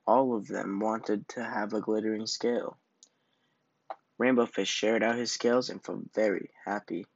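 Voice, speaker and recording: A man reading a children's picture book aloud as storyteller, in a slow, gentle manner. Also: on the low side, no room sound, dull audio.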